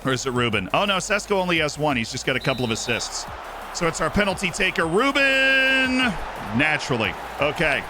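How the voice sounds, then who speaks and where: A young man commentates on his own football game during a live stream, shifting from quiet, mumbled tactical asides to loud, high shouts of joy at goals. His pitch leaps around a lot. Clear music plays behind him. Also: expressive, fast talker.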